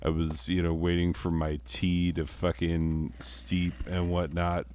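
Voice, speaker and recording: Slow, deep-voiced man rambling. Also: monotone, a little mellow, slight background noise. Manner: rambling, profane, self-deprecating. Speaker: teacher and father. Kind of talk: casual confessional monologue.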